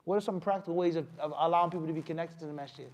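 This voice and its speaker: Animated man giving a mosque talk. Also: fairly high pitch, very fast. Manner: animated, asks the audience questions, acts out scolding. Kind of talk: mosque lecture.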